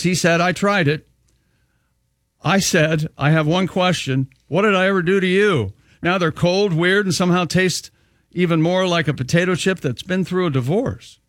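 A man's voice: on the high side, fairly bright tone, no echo. A man co-hosting a radio show, reading listener letters aloud with wry jokes and frequent laughs into a studio microphone. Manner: wry, joking, laughs often.

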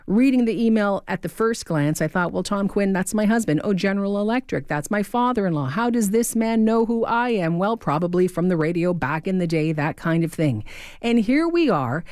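A woman's voice: mid-range voice, animated, moderate pace, darkish tone, smooth, no echo. A woman hosting an afternoon radio show, reading a listener's email aloud in a heartfelt way, moved to tears, on a studio microphone. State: tearing up. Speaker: radio host. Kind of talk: radio host talk between songs.

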